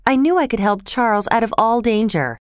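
A woman voicing an elderly male doctor who speaks slowly and earnestly. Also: very high voice, expressive, clear, resonant tone, no room sound, clean studio sound. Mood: confident. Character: elderly male doctor, former prisoner, calm and certain.

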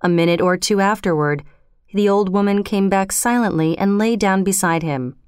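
A woman narrates a story in a measured, steady manner. Her voice is smooth and resonant. It is recorded close on a studio microphone with a dry sound and no room echo. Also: mid-range voice. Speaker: audiobook narrator. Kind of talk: scripted narration.

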